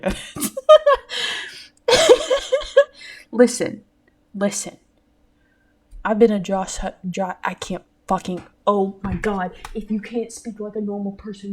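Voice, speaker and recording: A woman's voice: medium pitch, expressive, measured pace, pauses often, a little mellow, breathy edge. A young woman in her late teens hosting a solo podcast, talking in a loose, rambling way. She giggles often and swears offhandedly as she chats. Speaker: podcast host. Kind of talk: casual solo podcast chat.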